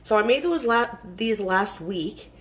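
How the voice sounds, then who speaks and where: A woman's voice: medium pitch, expressive, unhurried, poor audio. A woman giving a casual, rambling cooking demonstration in her home kitchen, chatting as she works with lots of fillers and restarts.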